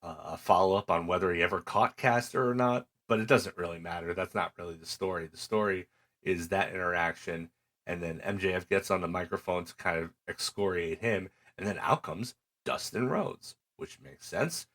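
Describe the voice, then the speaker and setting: A deep-voiced, middle-aged man speaks at a moderate pace while co-hosting a podcast. In loose conversation he recounts matches with lively storytelling, acting out what the wrestlers said.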